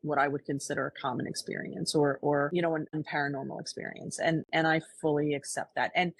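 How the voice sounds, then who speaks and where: Husky-voiced woman, low and earnest. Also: steady tone, fast, no room sound. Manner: earnest and reflective, frequent restarts. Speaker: podcast co-host. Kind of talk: casual conversation.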